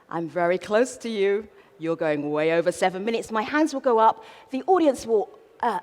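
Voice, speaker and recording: South London woman as event host, playful comic stage patter, long hall reverb, mid pitch. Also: a little mellow. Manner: playful, theatrical, humorous. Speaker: conference moderator. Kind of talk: live event hosting. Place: large conference hall.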